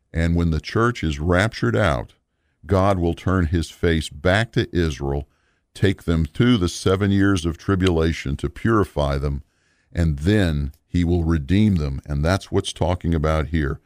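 A man teaching the Bible in a slow, deliberate, explanatory way, returning to his program from last time. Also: low voice, a little mellow, no echo, studio quality.

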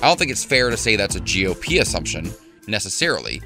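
A man's voice: on the low side, very animated, fast talker, music in the background. A man hosting a radio show, chatting casually with a co-host and telling upbeat stories. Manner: easygoing, upbeat storyteller.

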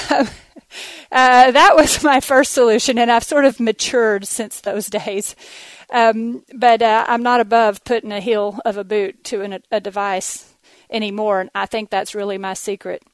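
A woman's voice: medium pitch, dry recording. A woman with a Texas accent hosting a casual podcast monologue, chatty and laughing often, with plenty of ums and uhs. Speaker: podcast host.

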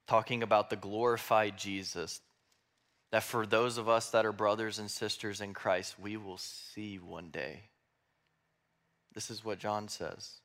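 A man's voice: fairly low pitch, fairly even intonation, unhurried, fairly bright tone. A man preaching a sermon, reading Bible verses aloud with emphasis and breaking into casual explanatory asides. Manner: expounding scripture, reads verses aloud with emphasis; conversational asides with fillers like "like". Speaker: pastor.

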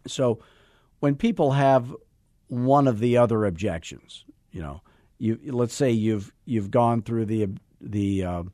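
A man's voice: medium pitch, slow pace, no room sound, studio quality. A man coaching real estate agents in a podcast lesson, acting out sales dialogues and drilling lines in emphatic repetition. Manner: animated, acts out sales dialogues.

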